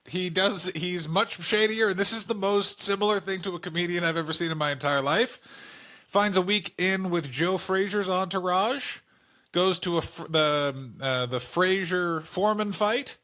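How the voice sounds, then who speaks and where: A man's voice: high voice, normal speed, sharp tone. A male comedian co-hosting a podcast, telling stories animatedly with swearing and mock voices. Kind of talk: casual comedic chat.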